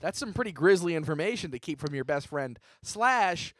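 Male podcast co-host, casual comedy banter, exasperated, slightly high voice, dry sound. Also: lively intonation, fairly bright tone, no echo. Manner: exasperated, rambling, quick jokes.

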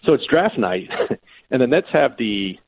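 A man telling stories as a sports reporter guest in casual conversation, with lively quoted voices and frequent restarts. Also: medium pitch, measured pace, gravelly, slight background noise. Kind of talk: conversational storytelling. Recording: tinny phone-line audio.

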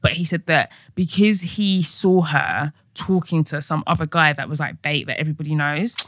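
A young woman, co-hosting a podcast and telling stories in casual chat, animated and quoting others. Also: deep voice, moderate pace, dry recording. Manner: storytelling, animated, quotes others. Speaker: podcast co-host.

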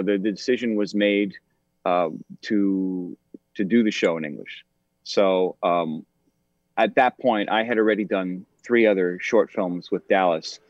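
A man's voice: deep voice, dry recording. Guy in his 40s chatting as a guest, lots of ums, kinda dull lo-fi audio, dry. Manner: thoughtful, many ums and restarts. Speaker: actor, podcast guest. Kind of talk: casual interview conversation. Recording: dull, slightly lo-fi sound.

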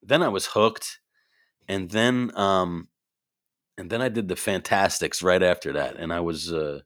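A man, an improv performer and actor, telling animated stories in a casual chat and acting out the voices in them. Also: deep voice, unhurried. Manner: animated, acts out voices in his anecdotes.

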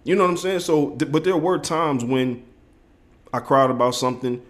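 A man's voice: medium pitch, moderate pace. A man co-hosting a casual podcast, laid-back and slangy, swearing and acting out voices as he tells childhood stories. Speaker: podcast co-host. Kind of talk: casual conversation.

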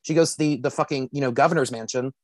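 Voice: medium pitch, fast, darkish tone, no echo. A podcast co-host in casual chat, speaking thoughtfully and hesitantly, with frequent restarts.

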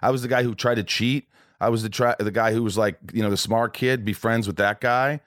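A man's voice: mid-range voice, steady tone, a little fast, fairly bright tone, no echo, studio quality. A man in his forties hosting a podcast, rambling with frequent restarts and stammers, casually profane. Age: 40s. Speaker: podcast host.

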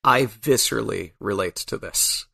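A man's voice: lowish voice, normal speed, gravelly, pushed and bright, slightly rough. A man being interviewed as a comic book writer, speaking thoughtfully with a dry, wry sense of humor. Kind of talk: casual podcast interview.

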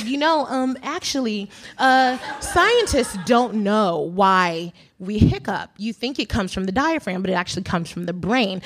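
A woman in her thirties is chatting in an interview. She tells rambling, lively stories and laughs often between lines. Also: mid-range voice. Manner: rambling, animated storytelling with laughter. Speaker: director being interviewed. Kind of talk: casual interview chat.

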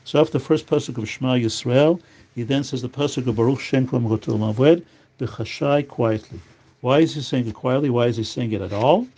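Mellow-voiced man teaching a religious text. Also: medium pitch, fairly quick. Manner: reads Hebrew text aloud, then explains it in English. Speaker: Torah teacher. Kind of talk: religious law lesson.

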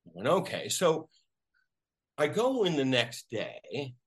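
A man, an actor, telling a story casually in an interview, animated and acting out the voices of people he quotes. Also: mid-range voice, slow pace, slightly rough. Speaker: actor guest.

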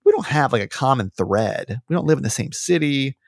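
A man hosting a podcast, telling stories in a rambling, animated casual chat. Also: mid-range voice, brisk, no room sound, clean studio sound. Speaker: podcast host.

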